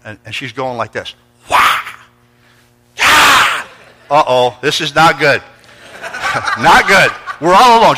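A man's voice: mid-range voice, bright, forceful tone, big-room sound. A man preaching a sermon, telling stories and acting out voices and sounds. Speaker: pastor. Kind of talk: sermon with storytelling.

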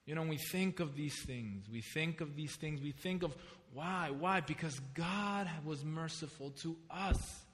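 A man's voice: fairly high pitch, measured pace, few pauses. A man preaching a sermon as a pastor, telling a personal story and asking his listeners pointed questions. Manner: storytelling preacher, animated, asks the congregation questions. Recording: reverberant hall.

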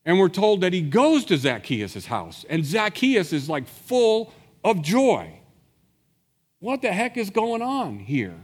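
Animated preacher man in a reverberant hall. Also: high-pitched, a little slow, hardly any pauses, husky. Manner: animated storytelling, acts out quoted voices. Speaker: pastor. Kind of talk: sermon.

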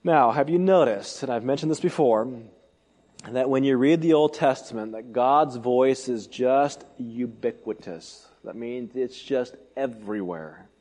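A man preaching an expository sermon, emphatic, asking rhetorical questions and swinging between loud and soft delivery. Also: medium pitch, measured pace, big-room sound. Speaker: pastor.

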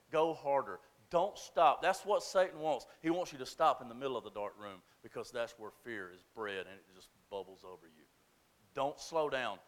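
Guy preaching a sermon, really high voice, shouts then drops way quiet. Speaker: pastor.

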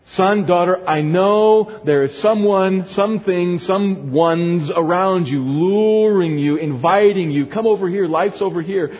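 A man's voice: high-pitched, measured pace, hardly any pauses, a little mellow. A man voicing God as a loving father who asks rhetorical questions, in a long echoing hall. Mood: tender. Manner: rhetorical questions, pleading and insistent.

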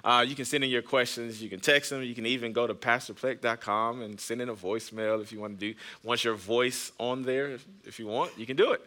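A pastor in his thirties hosts a podcast, delivering a chatty, conversational sermon full of personal stories and jokes aimed at the congregation. His mid-range voice is pushed and bright, a little fast with few pauses and fairly even intonation.

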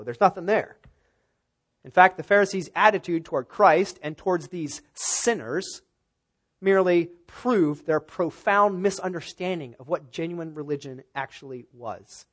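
Emphatic male pastor preaching. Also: on the high side. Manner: emphatic, repeats key words, rising to loud stresses. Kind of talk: expository sermon.

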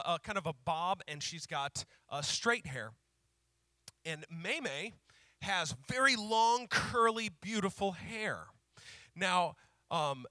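A male pastor preaching a sermon who slows down to repeat key phrases for emphasis and tells stories in a conversational way. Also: high voice, bright, forceful tone, dry recording, clean studio sound. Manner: conversational storytelling with fillers.

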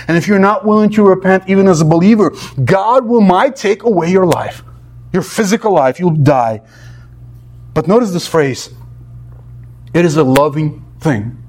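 Man, pastor, high voice, earnest emphatic preaching, sermon. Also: moderate pace, a little mellow. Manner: earnest, emphatic preaching with rising and falling pitch.

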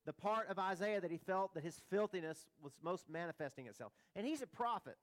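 A male pastor delivers a sermon with a fairly high voice. He talks in a conversational way, throwing out rhetorical questions and light humorous asides. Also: animated, brisk, hardly any pauses.

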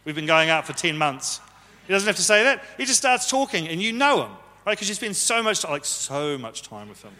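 A man's voice: high-pitched, sing-song, brisk, pushed and bright. A man, possibly, preaching a conversational sermon to his church and teasing the congregation. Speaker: pastor. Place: church hall. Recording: live sermon with long hall reverb.

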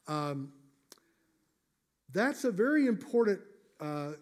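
High-voiced man preaching a sermon. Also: a little mellow. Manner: emphatic, measured preaching with slowed stressed phrases. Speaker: pastor. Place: church.

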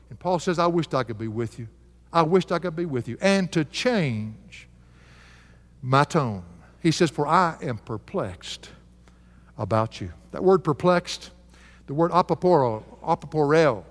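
A man's voice: sits high, big-room sound. An older man preaching a heartfelt sermon, asking the congregation questions.

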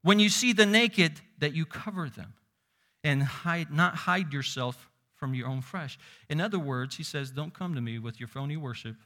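A man preaching a sermon, moving between loud emphasis and hushed low asides, quoting scripture. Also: moderate pace. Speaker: pastor.

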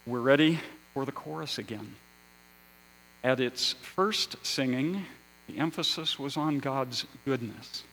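A male pastor delivers a sermon at an unhurried, deliberate pace. His voice sits at a middle pitch, swelling for emphasis and then sinking to near-quiet. A faint electrical hum runs under the recording. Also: creaky, poor audio. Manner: slow, measured preaching with rising emphasis and hushed endings.

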